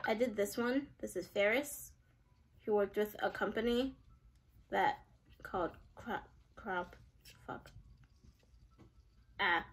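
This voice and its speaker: Woman, casual game commentary, chatty, giggly, somewhat high voice. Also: breathy edge. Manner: chatty, giggly, self-deprecating. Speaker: game streamer.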